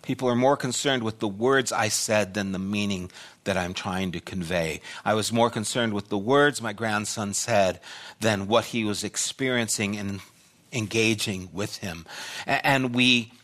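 Bright-voiced older male pastor preaching. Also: lowish voice, a little slow. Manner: storytelling preacher, swings from loud bursts to quiet asides. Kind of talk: sermon.

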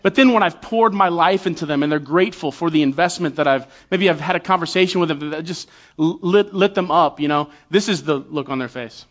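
A man in his forties gives a sermon in a relaxed, conversational way, joking at his own expense and often restarting his sentences. His voice sits high for a man. The recording is dull and lo-fi. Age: 40s. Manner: conversational and self-deprecating, with quick restarts. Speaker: guest preacher, church elder. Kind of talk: sermon with humorous stories.

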